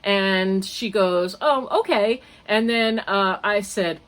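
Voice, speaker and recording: A woman's voice: medium pitch, steady tone, takes it slowly, fairly bright tone, clear, resonant tone. An older woman hosting a crochet podcast, chatting casually in a rambling, digressive way and often laughing at herself. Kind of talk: casual chat.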